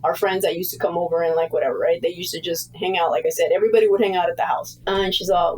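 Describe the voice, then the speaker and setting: A woman, a podcast guest, telling a ghost story and acting out the quotes in a lively way. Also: fast talker, few pauses, poor audio. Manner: acts out quotes with a high lively voice. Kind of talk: animated storytelling.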